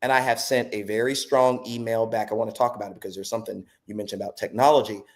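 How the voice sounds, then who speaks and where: A man in a podcast conversation, talking in a reflective, animated way, with preacher-like repetition and acted quotes. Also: on the low side, fast talker. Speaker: podcast guest speaker.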